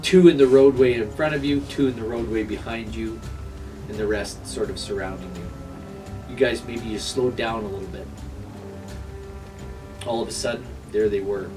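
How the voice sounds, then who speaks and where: A man running a tabletop game as game master, narrating with many pauses and restarts. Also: on the low side, far from the mic, over music, poor audio. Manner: hesitant, many fillers and restarts. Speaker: dungeon master.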